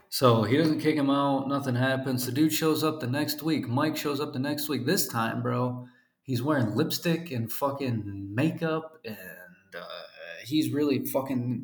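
A laid-back man swears his way through a funny anecdote in a relaxed, chatty tone. His voice sits at an ordinary mid pitch. The recording has a noticeable roomy echo. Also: gravelly. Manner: profane, laid-back, laughs through the telling. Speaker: English teacher. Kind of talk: casual comedic storytelling.

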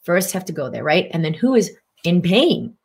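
A middle-aged woman giving a live-streamed spiritual teaching talk, animated, acting out inner voices. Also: lowish voice, normal speed, slightly rough.

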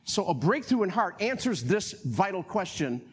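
A man with a North Carolina accent preaching a sermon as pastor, animated, laughing often and acting out voices. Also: high voice, moderate pace, slight background noise.

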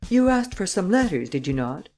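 A man reading an audiobook, voicing a calm, commanding gentleman adventurer who talks with a mocking edge. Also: high-pitched, normal speed, faint music behind, pitched above the performer's own voice.

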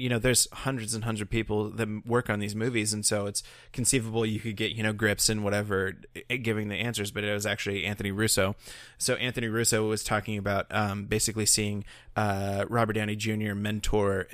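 A man co-hosts a podcast in casual chat, rambling with lots of fillers and restarts. His voice is lowish and flat, moving fairly quickly with few pauses. The tone is fairly bright, and the studio sound is clean with no room sound.

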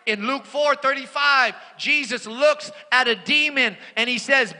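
A man preaching a sermon and telling stories, animated, swinging from hushed asides to shouted declarations. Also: very high voice, moderate pace, hardly any pauses. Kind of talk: sermon with personal storytelling. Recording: long reverb of a large hall.

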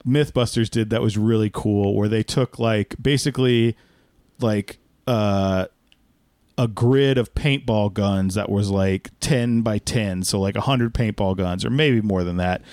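A man's voice: on the low side, a little slow, a little mellow, no room sound, studio quality. A man co-hosting a podcast, sharing trivia and wry opinions in casual movie-review chat. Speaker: podcast co-host.

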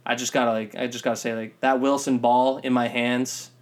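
Man mimicking a star basketball player in a post-game interview: slow, vaguely southern drawl. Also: medium pitch, level tone, natural voice. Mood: boastful.

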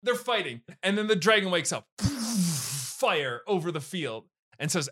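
A man hosting a podcast, recapping a comic book with animated storytelling and character voices. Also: sits high, unhurried, few pauses, slightly rough. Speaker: podcast host.

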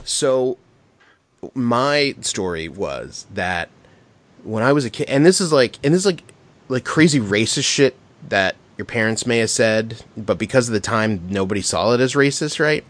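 A man's voice: mid-range voice, normal speed. A middle-aged man, a podcast co-host, telling stories in a casual, profane, laughing way. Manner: animated, profane, laughing storyteller. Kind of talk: casual storytelling chat.

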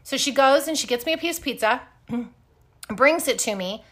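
Woman host, bright forceful voice, higher pitch, blunt animated storyteller who swears. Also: moderate pace. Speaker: podcast host. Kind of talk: casual storytelling.

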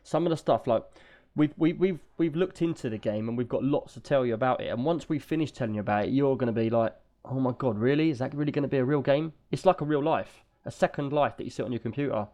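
A man co-hosting a casual chat, telling anecdotes in a lively, talkative way. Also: medium pitch, fast talker. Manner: chatty, animated anecdote telling. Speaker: podcast co-host.

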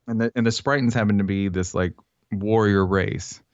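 A man's voice: on the low side, fairly even intonation, normal speed, dry recording, highs cut off. A man co-hosting a casual fan podcast, chatty and reading out descriptions. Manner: chatty, reads out descriptions, laughs easily. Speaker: podcast co-host.

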